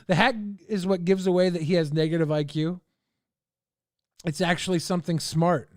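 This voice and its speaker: A man rambles through relaxed livestream commentary with chuckling asides. His voice is gravelly and a little high. The sound is dry and close. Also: normal speed, dry recording. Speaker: livestream host. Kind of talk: casual stream commentary.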